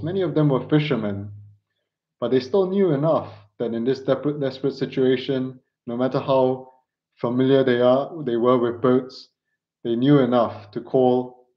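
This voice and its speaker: A man preaching a sermon in an earnest, halting way, pressing his listeners with rhetorical questions. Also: medium pitch. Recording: dull lo-fi recording.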